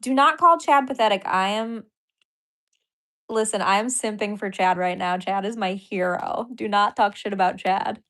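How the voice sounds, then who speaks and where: Woman, casual livestream chat, giddy, gushing thanks, frequent laughter, middle-pitched voice. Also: normal speed, a bit bright. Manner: giddy, apologetic, bursting into laughter often. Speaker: comedian and podcaster livestreaming to viewers.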